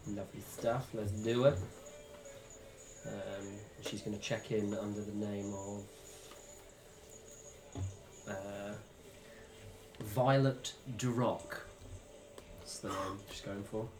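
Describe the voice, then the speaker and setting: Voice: low voice, fairly even intonation, slow, pauses often. A player describing their character's actions in a tabletop game. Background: background music.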